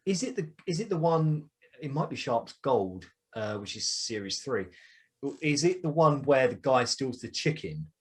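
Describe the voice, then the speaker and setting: A man with an Essex accent hosting a podcast, talking in an excitable, rambling way with many restarts. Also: mid-range voice, moderate pace, breathy edge. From Essex, England. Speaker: podcast host. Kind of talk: casual podcast chat.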